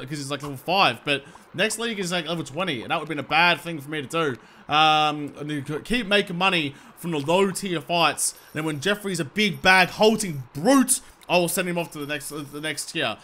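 A man's voice: a little high, pushed and bright. A man giving casual gameplay commentary with lots of swearing and exasperated outbursts. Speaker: gaming video host.

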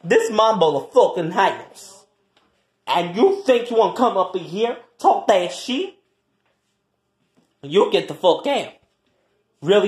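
A performer in an improvised comic quarrel, trash-talking and taunting with heavy swearing and swinging between loud jeers and low mutters. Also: big pitch swings, slow, pauses often, reverberant. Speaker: comedy skit performer.

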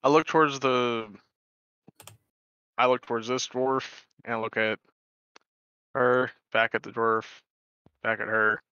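A man in a tabletop game with a bright, crisp voice and a dry, sardonic manner. His mic sounds dull and dead. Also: medium pitch, flat delivery, unhurried, pauses often, no echo. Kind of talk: casual game chat.

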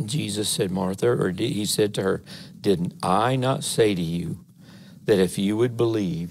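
A man's voice: fairly low pitch, measured pace, creaky, darkish tone, slight background noise. Earnest man preaching. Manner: earnest, folksy, rising to emphatic. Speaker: assistant pastor. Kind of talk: conversational sermon. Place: church sanctuary.

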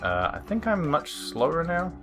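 An animated man chatting through a gameplay session. His voice is bright and bouncy, leaping high when he gets excited, and he curses freely at the screen. Faint chiptune music plays underneath. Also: normal speed. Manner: excitable, swears and laughs at the game. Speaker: let's play host. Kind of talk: casual gameplay commentary. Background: faint game music.

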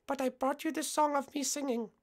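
A man voicing a forgetful, lovestruck young woman in a shrill falsetto. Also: fairly even intonation, brisk. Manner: shrill falsetto, dreamy, scatterbrained.

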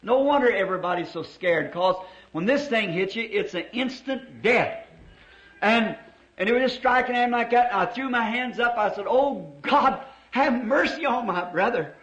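A middle-aged man preaching a sermon, telling a story fervently and dramatically, slowing down to stress key words. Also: extremely high pitch, lively intonation, fairly bright tone. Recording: dull lo-fi old sermon tape.

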